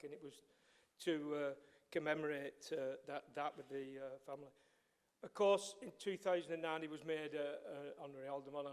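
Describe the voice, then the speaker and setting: A man giving an anecdotal tribute as a councillor, halting and repeating his words. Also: on the high side. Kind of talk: tribute speech in a council meeting. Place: council chamber. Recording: echoey council chamber.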